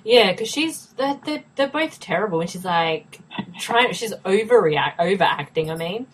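A woman's voice: medium pitch, animated, normal speed, slight background noise, rough recording. A woman co-hosting a podcast in casual chat, talking freely with lots of fillers and laughter. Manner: chatty, laughs often, many fillers. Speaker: podcast co-host.

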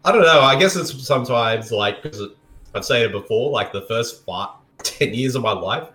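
Brief: joking man, bright voice, lively pitch, casual movie commentary. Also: moderate pace, reverberant. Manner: jokey, laughs often, throws in silly voices.

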